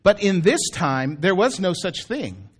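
A male pastor delivers a sermon in a relaxed, conversational way, often turning to the congregation with small asides. His speaking voice sits fairly high for a man. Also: a little slow, slightly rough.

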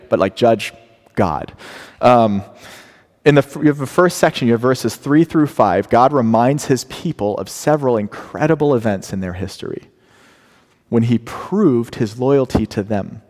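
A man preaching a sermon, acting out scripture in a lively way with big rises and drops. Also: medium pitch. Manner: animated, dramatic paraphrasing of scripture. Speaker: pastor. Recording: long hall reverb.

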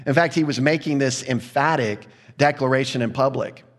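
A man's voice: mid-range voice, moderate pace. A man preaching a verse-by-verse sermon in a conversational way, acting out quoted voices. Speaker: pastor. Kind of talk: sermon, verse-by-verse Bible teaching.

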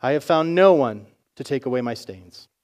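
A man's voice: mid-range voice, animated, normal speed, a little mellow, close to an everyday voice. A man reading as Blotch, a pleading little stained boy.

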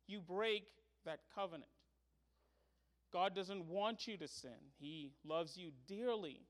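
A man preaches from the pulpit in a fairly high voice. He moves from quiet explanation to fervent, pleading emphasis, the classic earnest sermon style. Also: slow pace. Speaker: pastor.

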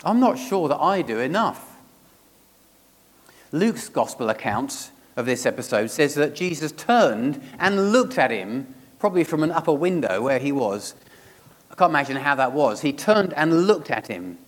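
A man's voice: a little high, big pitch swings, moderate pace, big-room sound. A man preaching a sermon, reading scripture aloud and then asking his listeners searching questions.

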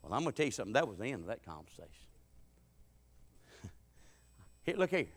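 Folksy preacher in an echoing church. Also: male voice, medium pitch, big pitch swings, fast talker, slightly rough. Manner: folksy, dialect-heavy, swings from loud preaching to quiet asides. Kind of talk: sermon with humorous storytelling. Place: church sanctuary. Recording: reverberant church sanctuary.

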